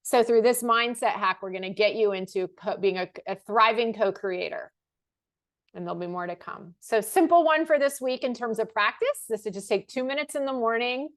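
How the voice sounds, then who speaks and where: A woman hosting a motivational talk. She coaches viewers through affirmations, repeating them slowly and with emphasis, and sometimes laughs at herself in a casual aside. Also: fairly high pitch. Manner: slow, emphatic repetition of affirmations; laughs and self-corrects casually. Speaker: life coach host.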